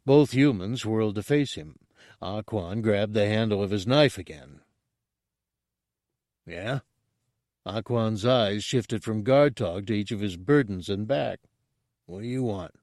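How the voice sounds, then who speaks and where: A man reading a story aloud in a steady, measured narration. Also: on the low side, no echo, studio quality. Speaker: audiobook narrator.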